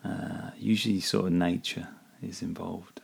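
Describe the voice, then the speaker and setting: Gravelly low-voiced man musing. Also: little pitch movement, a little slow, a little mellow. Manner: rambling, self-deprecating, often laughing at himself. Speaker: podcast host. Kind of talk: casual solo musing.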